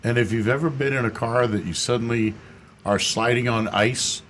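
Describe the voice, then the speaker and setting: A man's voice: mid-range voice, steady tone, moderate pace, a bit bright, slight background noise. A man answering callers' car questions on a radio show in a matter-of-fact, explanatory way. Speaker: auto expert. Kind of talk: radio call-in chat.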